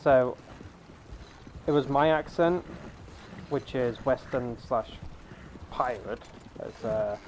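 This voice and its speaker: A man's voice: mid-range voice, takes it slowly, long pauses, darkish tone, a little hiss or hum. A man streaming a game, chatting casually on a headset mic in a rambling way, with lots of fillers and restarts. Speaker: gaming streamer. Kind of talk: casual chat over gameplay. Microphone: gaming headset.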